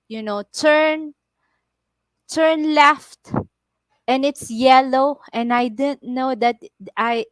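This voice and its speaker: A woman with a Filipino accent chats to her livestream viewers in unhurried, drawn-out phrases. Her English is broken but lively, and her storytelling is animated and full of laughter. The sound is dry and close, with no room around it. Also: on the high side, dry recording. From Philippines. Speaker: vlogger on a livestream. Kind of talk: casual livestream chat.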